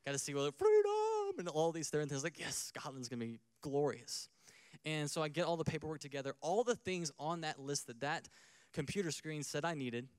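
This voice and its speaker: A man's voice: on the high side, very animated, a little fast, clean tone, no room sound. A man preaching a sermon in a conversational way, acting out little scenes and asking the crowd questions. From United States. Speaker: pastor.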